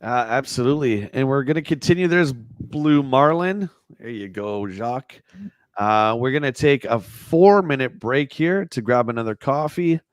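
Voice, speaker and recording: A man hosting a retro gaming livestream and narrating a playthrough, excitable and yelping as he plays. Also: medium pitch, normal speed, dry recording. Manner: excitable, yelps and shrieks while gaming. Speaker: livestream host.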